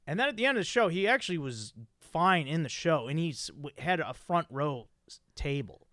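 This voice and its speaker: A man hosting a podcast, telling a story in a profane, animated way with many restarts. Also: on the high side, fairly quick, no room sound, studio quality. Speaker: podcast host. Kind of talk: casual chat.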